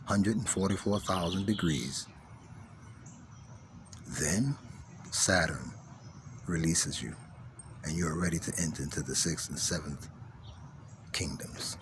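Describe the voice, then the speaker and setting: A man with a fairly low voice delivers a spiritual teaching monologue. He repeats his key phrases, lets some lines sink to a near hush, then drives others home with force. A faint background hum sits under his voice. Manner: emphatic, repeats key phrases, drops to hushed tones then rises forcefully.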